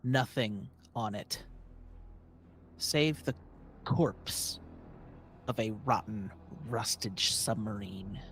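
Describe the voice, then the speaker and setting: A man running a tabletop game as game master, narrating scenes in a slow, hushed way. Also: on the low side, a little hiss or hum.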